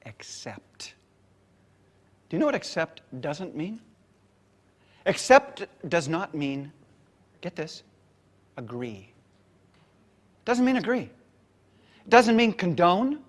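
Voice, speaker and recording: A man giving a storytelling keynote to a conference audience, dramatic, swinging from whispers to loud bursts. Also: sits high, big pitch swings, unhurried, pauses often, in a large hall. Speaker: motivational keynote speaker.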